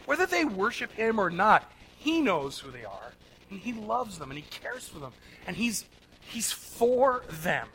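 A man preaching a sermon in an earnest, emphatic way, swinging between loud stressed words and soft asides. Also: sits high, sing-song, a little slow, slight background noise, poor audio. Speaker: pastor.

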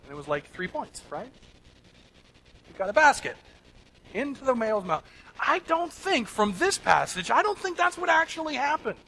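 High, bright-voiced man preaching. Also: very animated, normal speed, pauses often, poor audio. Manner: earnest, emphatic preaching with swings between loud and soft. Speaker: pastor. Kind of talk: sermon.

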